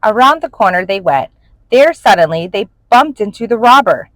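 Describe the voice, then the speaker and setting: A woman reading a children's storybook aloud in an expressive, animated way. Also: mid-range voice, moderate pace, dry recording, rough recording. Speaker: storybook reader.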